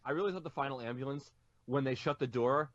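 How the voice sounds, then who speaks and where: A man's voice: medium pitch, fast, a bit bright, dry recording, muffled recording. A man co-hosting a podcast, chatting casually and hesitantly, often restarting his sentences. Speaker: podcast co-host.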